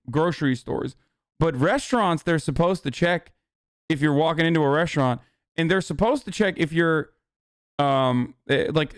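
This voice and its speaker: A man reacting to a video on a live stream, casual, profane and excitable. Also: a little high, clean tone, no room sound, clean studio sound.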